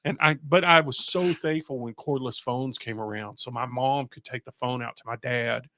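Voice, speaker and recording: Animated man telling stories. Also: mid-range voice, moderate pace, no room sound, clean studio sound. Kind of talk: casual storytelling chat.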